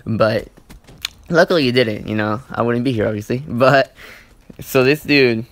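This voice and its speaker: A man's voice: mid-range voice, normal speed, no echo. A young man telling a story in a casual, rambling way, swearing often and filling his talk with "like" and "you know.". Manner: rambling, profane, heavy use of "like" and "you know". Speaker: gaming channel host. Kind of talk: casual storytime over gameplay.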